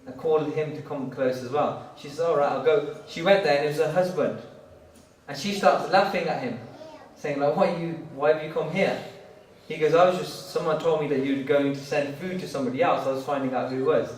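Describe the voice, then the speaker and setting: A man's voice: fairly high pitch, fairly even intonation, brisk, echoey room, distant mic, low-quality recording. A man speaking at a gurdwara, retelling a religious story in a casual storytelling sermon, stringing it along with "he goes" and "she goes". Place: gurdwara hall.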